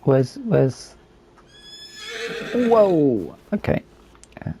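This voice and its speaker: A man talks through his game at an easy, unhurried pace, pausing often with ums and ahs. His voice is hoarse and fading, with a heavy gravelly fry. The tone sits low and mellow rather than bright. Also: a little hiss or hum. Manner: unhurried, thinking aloud with fillers. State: losing his voice. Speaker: gaming video host. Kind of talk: relaxed game commentary.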